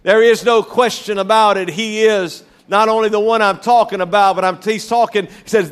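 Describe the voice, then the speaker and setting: A man preaching a sermon as pastor, emphatic, slowing down to stress key words. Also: high-pitched, steady tone, clean tone.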